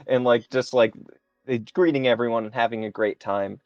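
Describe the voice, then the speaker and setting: A man narrating a tabletop game as game master, describing scenes in a halting, improvised way. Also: mid-range voice, a little mellow, clear, resonant tone, no room sound, highs cut off.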